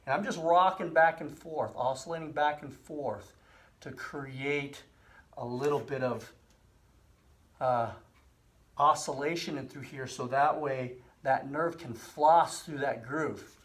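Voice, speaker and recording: A middle-aged man hosting a health channel, explaining and demonstrating a hand exercise in a relaxed, repetitive way with frequent fillers. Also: medium pitch, takes it slowly. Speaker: physical therapy host. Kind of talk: casual instructional demonstration.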